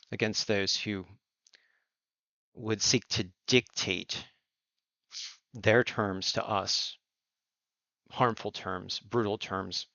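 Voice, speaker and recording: A man hosting a surf and climate report, speaking in earnest, emphatic commentary with deliberate phrasing. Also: lowish voice, bright, forceful tone, no echo. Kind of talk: impassioned spoken commentary. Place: Outer Banks coast. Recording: dull lo-fi recording.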